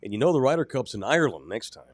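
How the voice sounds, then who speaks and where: A man's voice: medium pitch, very animated, very fast, dry recording. A man co-hosting a sports podcast, ranting casually with lots of profanity. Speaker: podcast co-host.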